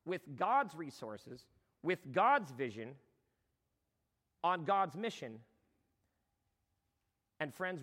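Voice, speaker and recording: High, bright impassioned preacher man. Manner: impassioned, conversational preaching with sudden shouts. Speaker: pastor. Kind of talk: sermon. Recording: long hall reverb.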